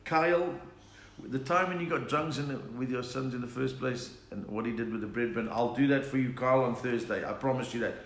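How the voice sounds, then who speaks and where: Speaking fairly quickly in a medium-pitched, slightly bright voice, a South African comedian runs a joke-filled live stream from his home in lockdown, taking requests from viewers. The room echoes and there's faint noise.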